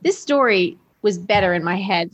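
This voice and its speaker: A woman guest on a chat show, telling family stories in a lively way and laughing often, a little tipsy. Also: medium pitch, moderate pace, muffled recording. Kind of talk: casual chat, storytelling.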